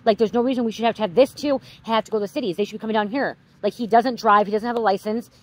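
Woman tarot reader ranting fast on her vlog, swears a lot, keeps saying okay. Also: on the high side, fairly even intonation, rough recording. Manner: venting, repeats "okay?", swears often. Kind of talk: casual vlog rant.

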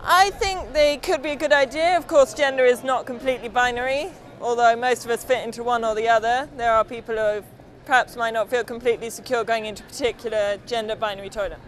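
Higher-voiced tentative young woman. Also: steady tone, quick pace. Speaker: student interviewee. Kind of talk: street vox pop answer.

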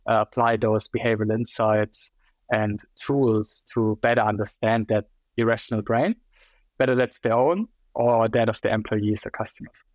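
A man's voice: medium pitch, no echo. A young man with a German accent, a guest expert answering interview questions in a loose, hedging way with many fillers.

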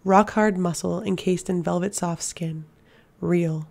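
A woman reading a fantasy novel aloud in a measured, steady narration. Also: fairly low pitch, gravelly. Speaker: audiobook reader. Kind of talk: fiction audiobook narration.

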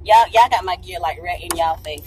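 A woman, chatting excitedly to her viewers while driving, a little out of breath and laughing often. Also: fairly low pitch, a little fast, slight background noise. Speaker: vlogger and mom. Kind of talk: casual vlog talk to viewers. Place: inside a car while driving. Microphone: handheld phone camera.

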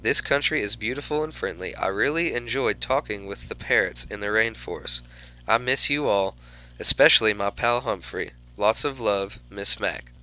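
A man's voice: on the low side, normal speed, bright, forceful tone, rough recording. A man voicing a strict, stern female schoolteacher in a storybook reading, announcing in a formal way and reading a card aloud to her class.

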